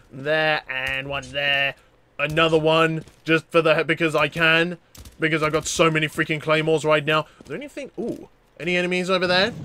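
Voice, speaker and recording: A young man giving casual, jokey commentary while playing a shooter game, excitable and often stammering over his words. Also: fairly high pitch, clean tone. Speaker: gaming YouTuber.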